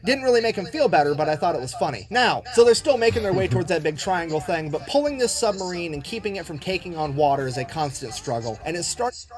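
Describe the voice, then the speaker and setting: A man's voice: high voice, fast. A man telling a war history story in a comedic, sarcastic way, cussing freely and talking with lots of energy. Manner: profane, sarcastic, animated.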